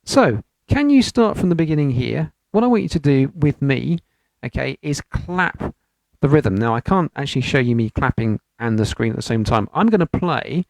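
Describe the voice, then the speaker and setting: A man's voice: medium pitch, expressive, normal speed, vocal fry, a little mellow, no echo. A man from the United Kingdom teaching an online piano lesson, explaining patiently step by step and chanting rhythm syllables over the piano. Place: home studio. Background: piano playing.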